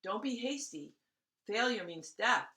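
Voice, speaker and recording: Calm, wise young man read by a woman; measured, bright voice. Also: mid-range voice, echoey room. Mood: cautious. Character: wise, careful young man, a gentle brother. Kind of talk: storybook read-aloud.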